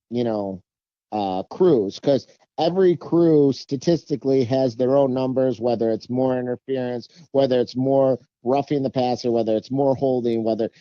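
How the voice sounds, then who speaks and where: Dark-voiced man on a muffled mic. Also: mid-range voice, no room sound. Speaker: podcast co-host. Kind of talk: casual sports chat.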